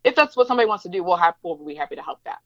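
A woman's voice: mid-range voice, animated, racing, a bit bright, no echo, dull audio. A woman being interviewed, telling a story in an emphatic conversational way and acting out the voices of the people she quotes. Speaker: interview guest, diversity educator.

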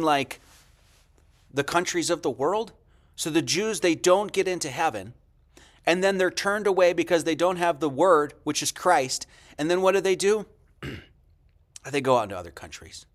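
A man's voice: a little high, a bit bright. A man giving casual lecture commentary over a video he plays, asking rhetorical questions and answering them himself. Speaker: host commenting on a played video.

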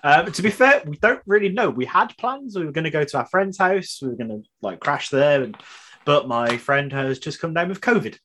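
A man's voice: on the high side, lively intonation, fairly quick, a bit bright, a little hiss or hum. A man from the UK co-hosting a podcast, with teasing, easygoing banter. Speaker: podcast co-host. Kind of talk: casual chat.

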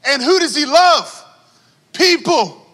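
A man preaching a sermon to a congregation, animated and calling out for responses from the crowd. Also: very high-pitched, slow, long reverb tail. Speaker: pastor.

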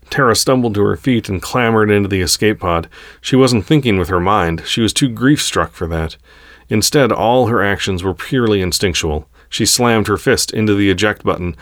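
A man reading a science fiction story aloud in a steady, unhurried way. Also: sits low, dry recording. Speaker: narrator. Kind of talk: storybook narration.

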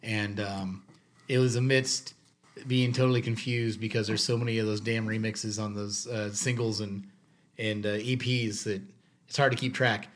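A man co-hosting a podcast, chatting in a relaxed, anecdotal way. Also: fairly low pitch, moderate pace. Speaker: podcast co-host. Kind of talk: casual chat.

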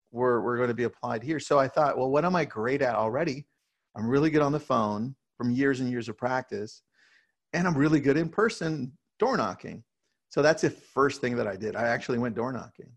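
A man who leads a real estate team, talking casually in an interview and telling energetic stories with frequent "right?" tags. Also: mid-range voice.

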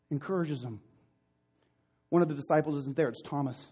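A male pastor delivering a sermon, retelling a story with impassioned emphasis that drops to hushed, intimate passages. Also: on the high side, fairly quick, pauses often, slightly rough.

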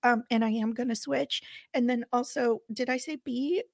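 A middle-aged woman co-hosting a podcast, telling a personal story in an emotional, animated way. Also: a little high, normal speed, vocal fry, dry recording, studio quality. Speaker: podcast co-host. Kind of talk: casual chat.

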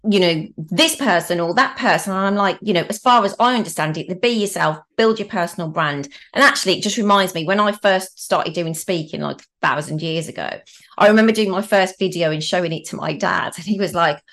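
A woman's voice: lowish voice, brisk, fairly bright tone. A woman hosting a podcast interview, chatting casually and enthusiastically affirming her guest. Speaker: podcast host.

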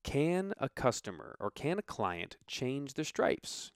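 A man's voice: mid-range voice, very animated, takes it slowly, no echo, clean studio sound. Upbeat, rambling man hosting a podcast. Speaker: podcast host. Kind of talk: casual podcast talk.

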